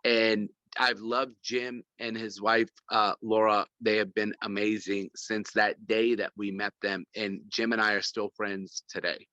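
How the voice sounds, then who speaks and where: Man on a phone call, bright forceful voice, dry dull sound, gushing, keeps restarting. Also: on the low side, level tone, a little slow, hardly any pauses, dry recording. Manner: rambling and effusive, many restarts. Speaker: guest speaker. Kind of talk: casual video call talk. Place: corporate office.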